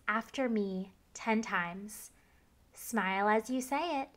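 ASMR host, woman, normal-volume role-play, unhurried and patient, slightly high voice, close mic. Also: fairly bright tone. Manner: slow, patient repeat-after-me delivery. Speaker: ASMR creator.

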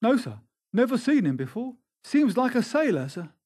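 A plain-spoken rural gamekeeper, respectful toward his master, as a man reads him. The voice sits high above the reader's own and stays husky. It has a lively rise and fall, like a servant in a storybook. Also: normal speed, exaggerated voice. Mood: deferential. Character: deferential older male gamekeeper, plain-spoken.

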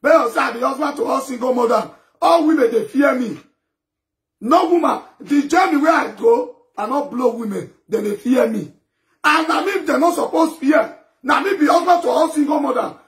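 A man with a Nigerian Pidgin accent ranting emphatically to camera, often breaking into shouts. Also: very high-pitched, moderate pace. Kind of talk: impassioned rant to camera.

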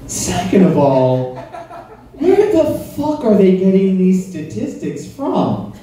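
A man on a comedy club stage with a slightly high voice, working through crude material at a slow, unhurried pace and teasing the audience. The sound is very roomy and picked up from a distance, with a crowd laughing clearly around him. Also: big pitch swings, mellow, slight background noise. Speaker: stand-up comedian. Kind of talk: stand-up set at a comedy club.

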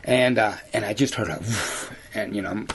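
A man with a lowish, fairly bright voice and some vocal fry speaks at a moderate pace over slight background noise. He's a lion hunter and outfitter appearing as an interview guest, spinning rambling hunting-guide yarns, often saying "you know" and laughing at his own stories.

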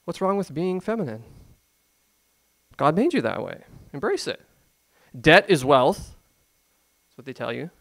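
Male pastor, conversational sermon delivery, emphatic, fairly high voice. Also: sing-song, moderate pace, gravelly, long pauses. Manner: conversational, emphatic, rhetorical questions.

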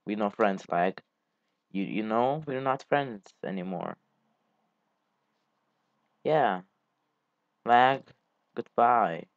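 A man giving casual, halting gameplay commentary as a channel host. He rambles and swears casually as he plays. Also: on the low side, dry recording. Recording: dull lo-fi mic.

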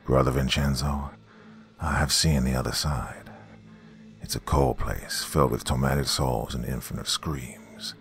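A man voicing the spirit of a dead male professor speaking from beyond, deep and ominous. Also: fairly even intonation, a little slow.

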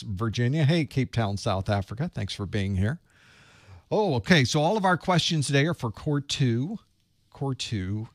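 A man's voice: medium pitch, no echo, clean studio sound. A middle-aged man casually chatting on a livestream before a study session, greeting viewers by where they are and rambling about his work. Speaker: IT certification instructor hosting a live study group. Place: small dark room.

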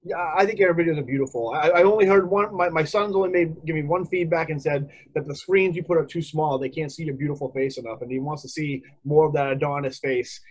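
A man's voice: on the high side, quick pace, few pauses, slightly rough, low-quality recording. A man co-hosting a casual comics review show, rambling and chatty with frequent laughs. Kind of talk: casual podcast chat.

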